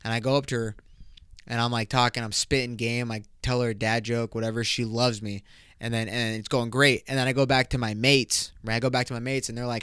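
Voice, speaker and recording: Give me a joking, foul-mouthed male podcast host with a crisp voice. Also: mid-range voice, little pitch movement, fairly quick, a bit bright, dry recording, clean studio sound. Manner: loose, profane, joking. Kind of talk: casual comedic chat.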